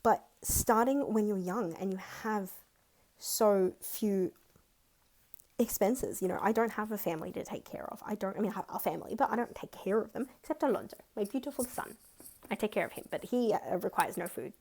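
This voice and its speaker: A woman in her twenties with an Australian accent, chatting excitedly and counting money aloud in a casual budgeting vlog. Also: medium pitch, a little fast. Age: 20s. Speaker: budgeting vlogger. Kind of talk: casual chat.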